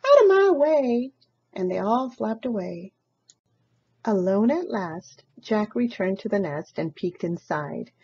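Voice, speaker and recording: A woman reading a children's picture book aloud in an expressive storytelling manner. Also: mid-range voice, unhurried, vocal fry, husky, highs cut off. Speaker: storybook reader.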